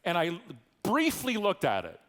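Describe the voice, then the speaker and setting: A middle-aged Canadian man delivers a keynote with a wry, joking edge, ribbing the crowd as he goes. His voice sits a touch high for a man. It rings out with the long reverb of a large hall. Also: huge pitch swings, normal speed, fairly bright tone. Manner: wry, joking, teasing the audience. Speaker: keynote speaker. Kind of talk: humorous keynote speech. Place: large conference hall stage.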